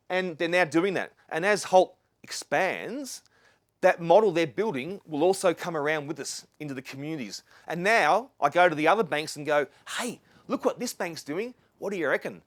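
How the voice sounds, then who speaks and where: Middle-aged Australian bloke, earnest and rambling, slightly high voice, dry close recording. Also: male voice, no room sound. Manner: earnest, rambling with restarts and asides. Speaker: speaker. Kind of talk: live talk to an audience. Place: lecture venue with live audience.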